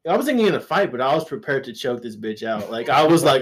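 A man's voice: medium pitch, very animated, brisk, slightly rough. A man guest-hosting a podcast, telling rambling, profane anecdotes in casual chat, with restarts and laughter.

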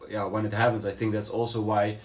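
A man's voice: fairly low pitch, little pitch movement, fast. A man co-hosting a podcast, talking through his views in a casual debate, thoughtful and hesitant, with many fillers and restarts. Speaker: podcast co-host.

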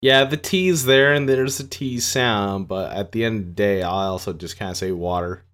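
A man's voice: fairly low pitch, moderate pace, a bit bright. A man in casual podcast chat, laid-back and agreeable, often chuckling.

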